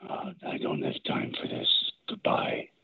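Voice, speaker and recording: A man playing a gruff caller with a deep, raspy, threatening voice over a phone line. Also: fairly even intonation, moderate pace, dry recording, heavily acted. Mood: menacing. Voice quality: deep gravelly rasp. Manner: curt and menacing. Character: gravel-voiced gruff man selling a nail gun.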